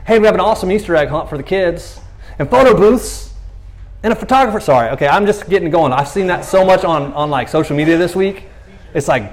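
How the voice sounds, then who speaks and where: Here a man, a pastor, delivers an easygoing sermon at a somewhat fast clip, his voice high and animated. He acts out quotes in playful voices while telling stories, sprinkling in phrases like "you know what I mean."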